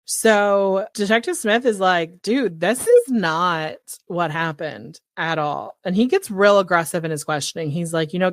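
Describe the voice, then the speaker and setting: A woman hosts a podcast in a lowish voice, retelling a true-crime story in loose, chatty talk. She leans on "like" constantly and swears bluntly. The sound is close and dry, with no room around her. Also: dry recording. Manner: animated retelling with quoted voices. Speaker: podcast host. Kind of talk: casual true-crime recap chat.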